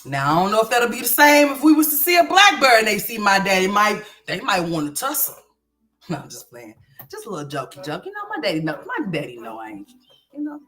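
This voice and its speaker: An Oklahoma woman hosts a livestream and tells a story loosely, animatedly and with plenty of profanity, sinking into low mutters and then bursting into loud exclamations. She talks a little fast.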